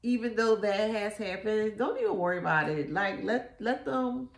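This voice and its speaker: A woman's voice: medium pitch, moderate pace, creaky. A woman giving a casual tarot reading, blunt and profane, mocking and laughing often. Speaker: tarot reader. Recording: echoey room.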